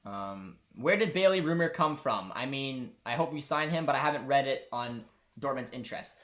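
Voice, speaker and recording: A Canadian man hosts a live football watchalong, rambling casually to his viewers and producer. His medium-pitched voice is slightly bright, with lively intonation and a moderate pace, and faint music plays in the background.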